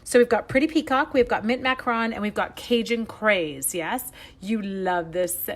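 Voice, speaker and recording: Woman, middle-aged, chatty live craft demo, fairly high voice, faint background noise. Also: normal speed. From Canada. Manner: chatty, greets viewers by name, playful. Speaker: stamping demonstrator.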